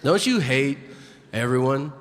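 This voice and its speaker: A man's voice: mid-range voice, animated, measured pace, very noisy. A man performing a brash, profane stand-up comedy set on stage, telling stories and acting out the people in them. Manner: brash, profane storytelling with acted-out quotes. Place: theater stage before a live audience. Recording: live hall with long reverb, crowd laughter. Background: audience laughter and applause.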